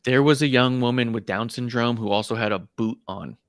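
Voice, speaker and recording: A man co-hosting a casual wrestling podcast, telling stories in an animated way and acting out the voices of people he quotes. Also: medium pitch, a little fast, clear, resonant tone, no room sound, clean studio sound. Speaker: podcast co-host. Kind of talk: casual chat.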